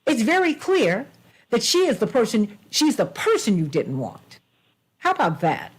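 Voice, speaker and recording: A woman's voice: a little high, wildly swooping pitch, normal speed, slightly rough. A woman hosting a political talk show, speaking emphatically in a preacherly way and addressing her guests by name.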